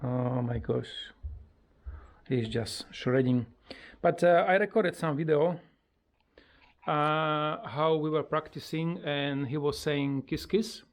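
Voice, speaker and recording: A parrot owner casually chatting on a pet vlog in halting speech, breaking into high sing-song coaxing when talking to the bird. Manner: halting, with many fillers and simple grammar.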